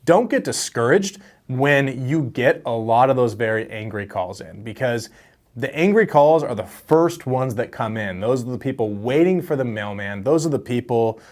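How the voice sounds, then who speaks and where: In his casual vlog about real estate wholesaling, a young man speaks at a moderate pace in a mid-range voice. He addresses the camera in a friendly, storytelling manner, animated and laughing.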